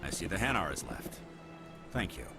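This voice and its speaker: A man's voice: low-pitched, big pitch swings, moderate pace, vocal fry, full character voice. A man voicing a proud, stern male alien security officer who talks in a curt, haughty way, with game music behind. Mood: grudging.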